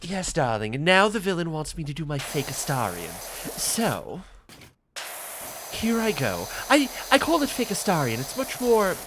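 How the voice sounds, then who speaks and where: Playful gaming streamer, chatty, lively pitch. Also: moderate pace. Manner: playful, theatrical, many fillers. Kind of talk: casual gaming chat. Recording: hissy stream audio, spray noise.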